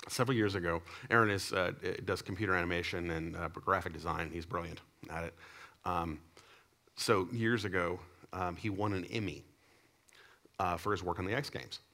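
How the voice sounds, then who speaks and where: A pastor with a somewhat low voice preaches at a normal speed, weaving stories through his sermon. He keeps it lively by jumping between loud, emphatic lines and quiet, low asides.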